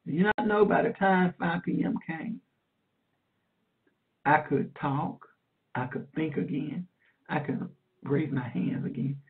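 A woman evangelist teaching a sermon in an earnest, repetitive way, warmly calling her listener "dear heart". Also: deep voice, takes it slowly, pauses often. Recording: tinny phone line.

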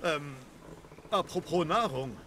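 A man's voice: a little high, lively intonation, takes it slowly. A man voicing a timid, hesitant male underling soldier in a dubbed game cutscene. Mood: nervous. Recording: noisy game audio.

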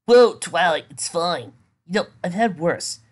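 A woman voicing Pierre, a gentle young man and devoted knight, speaking in a soft, reassuring, lightly joking way. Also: lowish voice, expressive, measured pace, pitched above the performer's own voice.

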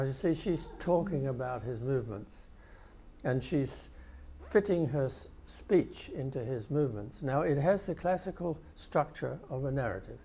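An older male professor giving a conference keynote, explaining video clips with pauses and restarts. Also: mid-range voice, dark tone, breathy edge. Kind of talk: conference lecture.

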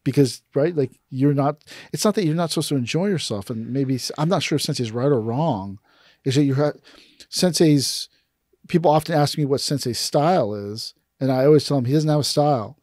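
Guy who teaches aikido, chatting on a podcast, mid-pitch voice, dry close sound. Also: brisk, no echo. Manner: storytelling, animated when quoting others. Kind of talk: casual podcast conversation.

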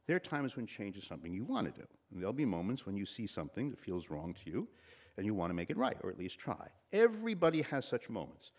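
A man's voice: on the low side, big pitch swings, quick pace. A man in his sixties with a slightly nasal voice gives a commencement address, telling stories and acting out the voices of people he quotes. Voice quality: a little nasal. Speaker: commencement speaker.

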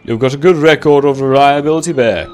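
A man's voice: medium pitch, fairly quick, a little mellow, smooth, voice pushed up, lightly acted. A man voicing a stern, portly older railway boss in a storybook tale. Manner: stern, disappointed. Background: background music.

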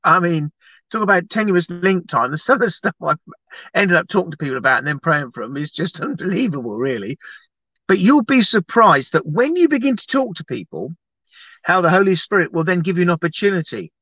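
On a livestream, an evangelist teaches and prays, his talk animated, casual, and chatty, rambling with plenty of restarts. He has a high-pitched voice and speaks fairly quickly. The recording is muffled, without echo.

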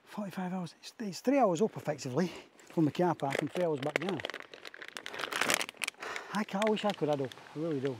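A man's voice: on the high side, a little mellow, a little hiss or hum. Breathless chatty man hiking outdoors. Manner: chatty, self-mocking, swears casually. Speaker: landscape photographer vlogger. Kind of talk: casual outdoor vlog. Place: outdoors on a windy hill. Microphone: wireless clip-on mic.

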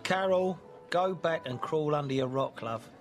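A man's voice: fairly high pitch, lively intonation, normal speed, faint music behind. An actor playing a sarcastic middle-aged husband and father with a cutting manner. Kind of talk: TV soap drama acting.

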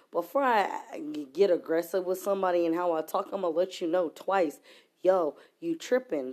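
A woman's voice: fairly low pitch, a little mellow. A woman venting in an angry, profanity-laced rant to camera, heated and emphatic. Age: adult. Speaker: vlogger.

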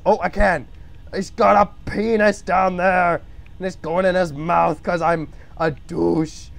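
A young man live-streaming while he draws, joking about his work and breaking into excited shouts. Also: high-pitched, slow pace, gravelly. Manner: excitable, bursts into shouts and laughs; joking self-commentary. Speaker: livestreamer. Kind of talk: live-streamed drawing chat.

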